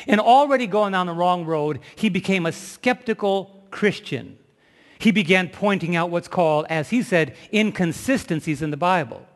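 A man's voice: high voice, moderate pace, in a large hall. A man preaching a sermon, telling a story with emphasis and asking the audience questions.

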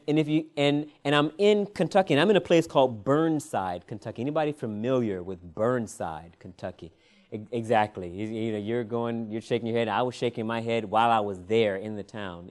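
A male preacher telling a personal story in a sermon, animated and often laughing, drawing "Amen" responses. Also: on the low side.

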